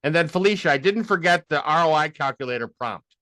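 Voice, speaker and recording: A man teaching a live software tutorial, excitable and rambling as he thinks aloud. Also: a little high, a little fast, no room sound. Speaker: instructor.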